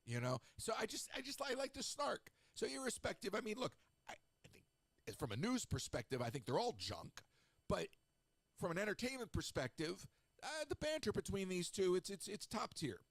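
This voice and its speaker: Middle aged guy doing a talk radio show, rambly and snarky, kinda high gravelly voice. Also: moderate pace, no room sound. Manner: chatty, snarky, rambling with lively asides. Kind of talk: casual solo radio talk.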